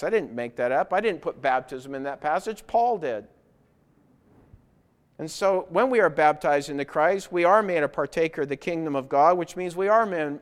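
A man preaching a sermon in a smooth, clear voice that sits a little high. He leans on rhetorical questions and builds to loud, insistent points.

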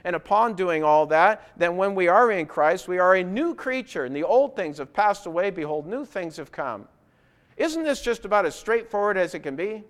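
A man preaching a sermon in a smooth, clear voice that sits a little high. He leans on rhetorical questions and builds to loud, insistent points. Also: expressive, moderate pace.

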